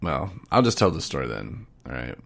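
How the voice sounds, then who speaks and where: Gravelly low-voiced man telling stories. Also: sing-song, normal speed. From Michigan. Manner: drawling folksy storyteller, drops into hushed asides. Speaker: podcast co-host. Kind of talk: casual storytelling chat.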